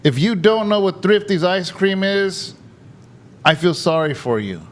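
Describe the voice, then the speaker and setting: A man's voice: sits high, lively intonation, a little slow. A man with a Californian accent co-hosting a casual chat, playful and nostalgic. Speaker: podcast co-host.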